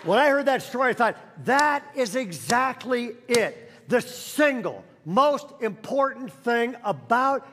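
A man's voice: extremely high pitch, a bit bright. A man preaching a sermon to a church congregation, telling a story and acting out the voices of its characters. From Northern California. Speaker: guest pastor. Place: large church auditorium. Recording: church hall reverb.

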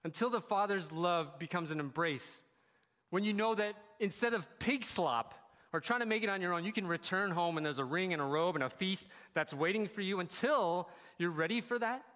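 Earnest pastor preaching in a reverberant hall. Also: male voice, sits high, animated, moderate pace, a bit bright. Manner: candid storytelling, emotional, conversational. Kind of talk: sermon.

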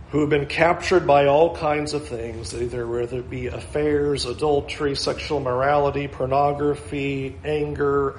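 A man's voice: fairly high pitch, slight background noise. A middle-aged male pastor preaching a sermon earnestly, acting out the answers of the people he counsels. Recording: echoey room with faint ambience.

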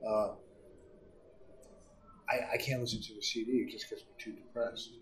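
A man's voice: on the low side, moderate pace, distant mic. Profane man telling stories in a roomy studio. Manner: profane, animated storytelling. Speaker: comedian guest. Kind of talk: casual storytelling.

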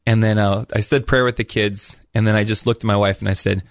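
A man's voice: on the low side, fairly even intonation, a little fast, no echo, clean studio sound. Earnest man sharing a faith story. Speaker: radio show co-host. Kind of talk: testimony and prayer.

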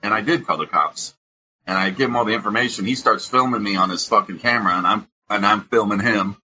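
Animated profane male storyteller. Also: lowish voice, fast talker, lo-fi sound, a little hiss or hum. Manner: animated, acts out both sides with raised voice.

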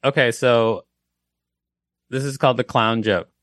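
A man's voice: medium pitch, a little slow, fairly bright tone, no room sound, studio quality. Man rambling through a long joke. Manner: rambling, restarts, keeps checking in with "okay?". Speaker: guest comedian. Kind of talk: casual joke storytelling.

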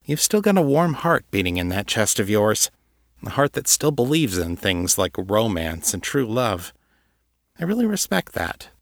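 A guarded young succubus woman, read by a man who lifts his voice a little. She speaks gently and frankly. The sound is dry and close. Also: fairly low pitch, very animated, moderate pace, dry recording. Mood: earnest.

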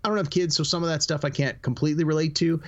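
A man co-hosting a podcast, telling stories in a rambling, animated way with lots of fillers. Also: on the high side, racing, highs cut off. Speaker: podcast co-host. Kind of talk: casual podcast chat.

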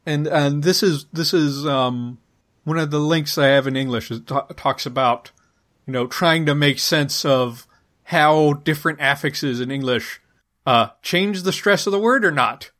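A man co-hosting a podcast discusses a linguistics topic casually and hesitantly, with many fillers and restarts. His voice is on the high side, fairly bright, and unhurried.

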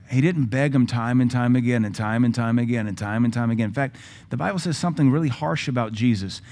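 A male pastor with a Southern American accent preaches a sermon in a mid-range voice that's a little mellow. He's blunt and sarcastic, acting out quotes at a quick pace with hardly any pauses.

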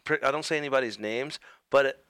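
Guy co-hosting, bright crisp voice, dry close mic, blunt banter. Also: mid-range voice, quick pace, no echo. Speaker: co-host. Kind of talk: casual chat.

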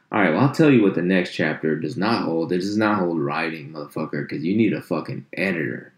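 A deep-voiced man rants for laughs, swearing nonstop and jumping into sharp mocking tones. His voice sounds low and heavy, and it bounces around an echoey room. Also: fairly quick, hardly any pauses. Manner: animated, swears constantly, jumps into high mock voices. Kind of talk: profane comedic rant.

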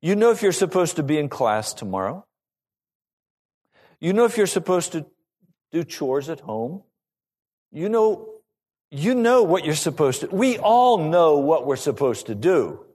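Animated male pastor preaching. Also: fairly high pitch, a little slow, pauses often, husky. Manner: animated, rising and falling preaching delivery. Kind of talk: sermon.

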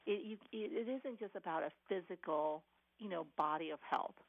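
Woman doctor guest, low gravelly voice, earnest with restarts, over a tinny phone line. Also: moderate pace, no room sound. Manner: earnest, many restarts and "you know". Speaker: cardiologist guest. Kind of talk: interview answers.

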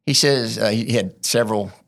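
A man with a low voice and a lot of vocal fry talks as an interview guest. He is earnest and a bit rambling, circling his points as he goes. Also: fairly quick, fairly bright tone. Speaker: business implementer, guest. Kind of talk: casual interview chat.

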